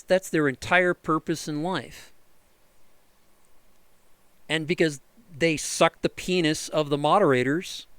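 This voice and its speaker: A smooth-voiced man, recorded dry, provides frustrated commentary over a screen recording as he repairs his computer. As a vlogger he comes across as exasperated and sarcastic, swearing freely and lampooning others in shrill voices.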